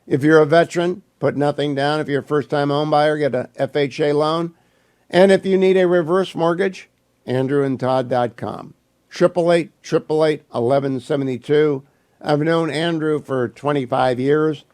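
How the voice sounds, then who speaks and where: An older man hosting a talk radio show, reading sponsor ads live in the studio in a brisk, emphatic way while losing his voice. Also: a little high, fairly even intonation, a little mellow. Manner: brisk, emphatic, repeats phone numbers.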